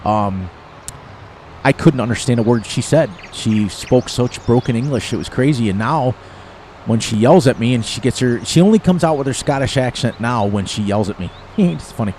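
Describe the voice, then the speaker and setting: An older man in his sixties, from the eastern United States, talks through a farming game in a loose, rambling way. His voice sits at a medium pitch, and he chuckles at his own jokes. Faint outdoor noise hums behind him. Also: lively intonation, moderate pace, darkish tone. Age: 60s. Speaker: gaming streamer. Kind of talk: casual gameplay commentary.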